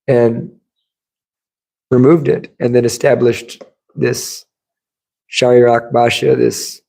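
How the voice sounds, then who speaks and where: Gravelly, mellow-voiced man giving a temple class. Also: medium pitch, low-quality recording. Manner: conversational storytelling, acts out quotes. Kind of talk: sermon. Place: temple room.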